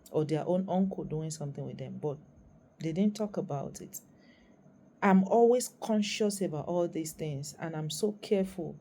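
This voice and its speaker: A Nigerian woman in her thirties speaks with a Nigerian accent in a lowish, mellow voice. She talks in a preachy, emphatic way and hammers her points home by repeating them. A faint hum sits behind her. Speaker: vlogger and parent. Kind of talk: impassioned commentary to camera.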